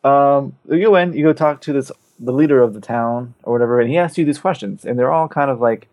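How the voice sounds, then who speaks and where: A man co-hosting a podcast, loosely retelling a video game's story in casual, profane chat and slipping into quick voices for the characters. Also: medium pitch, darkish tone, no echo. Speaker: podcast co-host.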